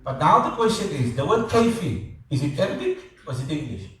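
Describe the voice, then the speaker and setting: A male lecturer explains things in a loose, conversational way, circling back on words and checking in with his students. His voice sits slightly high and carries from a distance. The room around him is very echoey. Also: wildly swooping pitch, fast talker. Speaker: teacher. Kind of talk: classroom lecture. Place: classroom. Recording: echoey classroom, voice from far off.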